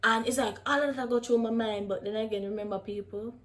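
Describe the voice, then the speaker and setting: A young woman with a Jamaican accent telling a casual storytime, animated and slipping in and out of patois. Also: on the high side, fast talker. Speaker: vlogger.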